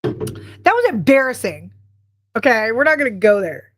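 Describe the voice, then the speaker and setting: A woman's voice: a little high, very animated, normal speed, slight background noise. A woman co-hosting a casual livestream podcast, bubbly and rambling, laughing often as she chats and greets viewers. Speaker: podcast co-host.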